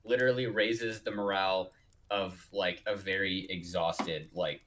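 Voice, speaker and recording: A man's voice: low-pitched, steady tone, a little slow, noisy background. A man co-hosting a casual online talk show, chiming in with wry jokes and plot details. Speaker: podcast co-host and chat moderator. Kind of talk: casual chat.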